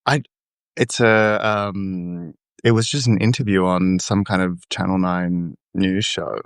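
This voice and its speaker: Easygoing man, smooth low voice. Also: fairly even intonation, slow, no room sound. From Queensland, Australia. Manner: easygoing, self-mocking, trails off with ums. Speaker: podcast co-host. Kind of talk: casual chat.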